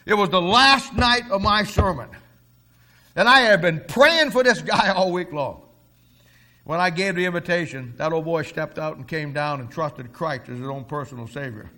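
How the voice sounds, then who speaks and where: A man's voice: on the high side, pushed and bright. An older man preaching a sermon, telling stories in a fervent, folksy way.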